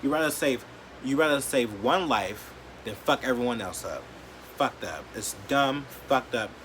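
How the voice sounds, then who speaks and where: A man vlogging an emotional rant to camera, blunt and profane, leaning on "like" and swinging between quiet, hurt lows and loud, defiant outbursts. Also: lively intonation, measured pace, a little hiss or hum. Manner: blunt, profane and heated, heavy use of "like".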